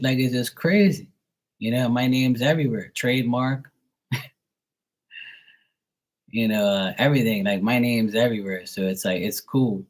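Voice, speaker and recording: A man of medium pitch and normal speed pauses often as he rambles through casual talk on his tarot live stream. Profane and easygoing, he laughs frequently and mimics other people's voices.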